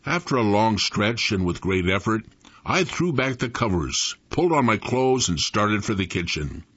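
A man in his eighties reading his own memoir aloud in an expressive storytelling manner. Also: fairly low pitch, normal speed, slightly rough. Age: 80s. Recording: dull lo-fi recording.

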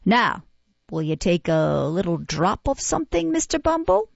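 A woman's voice: fairly low pitch, very animated, normal speed, creaky, no echo, dull audio, heavily acted. A woman reading aloud, voicing a fawning middle-aged woman who keeps an orphan house, gushing and falsely humble. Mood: wheedling. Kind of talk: audiobook character reading.

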